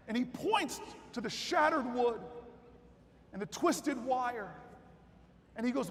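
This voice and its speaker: A man giving a political convention speech, telling a story that builds to shouted rallying cries. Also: very high voice, animated, takes it slowly, long pauses, slight background noise. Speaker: keynote speaker. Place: large convention hall with crowd. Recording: hall reverb with crowd.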